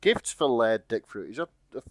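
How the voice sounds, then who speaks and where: A man's voice: medium pitch, big pitch swings, moderate pace. A man co-hosting a podcast who chips in with playful, jokey remarks in casual chat. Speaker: podcast co-host.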